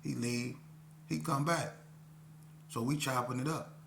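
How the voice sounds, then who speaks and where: A man's voice: medium pitch, fairly even intonation, measured pace, vocal fry, a bit bright. A man telling a personal story in a casual, slangy way, often saying "you know what I'm saying". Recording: roomy echo, faint hum.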